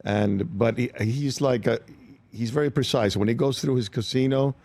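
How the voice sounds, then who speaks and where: An older male actor, a guest on a studio talk show, tells animated anecdotes in a creaky mid-range voice at normal speed. He acts out the voices of the people in his stories. There's no echo on the recording.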